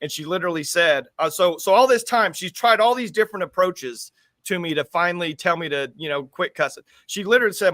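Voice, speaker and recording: This high-voiced American co-host of a laid-back talk show thinks out loud, wandering and repeating himself. He's an adult with school-age children, and he speaks a little fast with a slightly bright tone in a clip with no echo.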